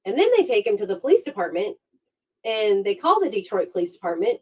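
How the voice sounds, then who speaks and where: A woman hosting a true-crime livestream, telling the case in a casual, sarcastic and animated way. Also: medium pitch, a little fast, slightly rough, poor audio.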